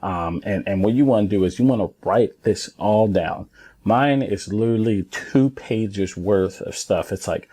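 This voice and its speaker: A man in his thirties coaches parents and young players in a relaxed, earnest talk, leaning hard on key phrases and repeating them for weight. His voice sits a little low and sounds mellow and dark. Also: measured pace, husky. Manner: earnest, emphatic, repeats points for stress. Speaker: former pro baseball player coaching parents and kids. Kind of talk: casual instructional talk to camera.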